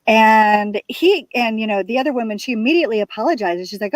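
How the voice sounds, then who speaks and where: A woman author telling scenes from her book in casual chat, animated and full of restarts. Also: on the high side, fast talker, hardly any pauses, dry recording, low-quality recording. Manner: animated retelling with restarts and repeats. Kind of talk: casual chat about writing.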